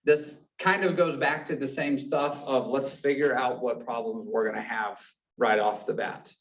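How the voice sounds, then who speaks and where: A man leading a sales class, asking the room quick questions as he teaches. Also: medium pitch, steady tone. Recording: echoey room, mic far off.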